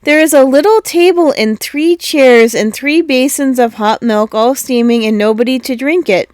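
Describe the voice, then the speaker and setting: A woman's voice: sits high, normal speed, darkish tone, dry recording, clean studio sound, lightly acted. A woman voicing a curious little girl who wonders aloud as she explores a strange house.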